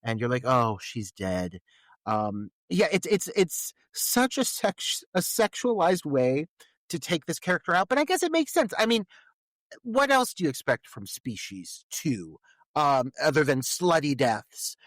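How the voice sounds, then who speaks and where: A man co-hosting a podcast, giving casual and candid film commentary with crude humor and frequent hesitant pauses. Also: fairly high pitch, very animated, fairly bright tone, dry recording, clean studio sound. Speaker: podcast co-host.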